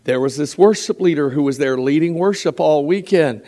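Animated male preacher telling stories. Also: fairly high pitch, normal speed. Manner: animated storytelling with acted quotes and frequent restarts. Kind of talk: sermon.

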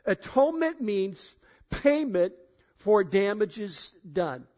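A man preaching a sermon to a congregation, emphatic, swinging between loud declarations and quiet asides, asking for a show of hands. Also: high voice, very animated, slow. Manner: addresses congregation directly, asks for show of hands. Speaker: pastor. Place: church in front of a congregation. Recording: dull, lo-fi sound.

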